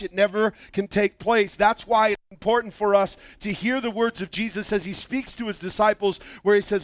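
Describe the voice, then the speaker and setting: High-pitched guy preaching, loud then hushed, dry close sound. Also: no echo. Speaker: pastor. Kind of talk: sermon.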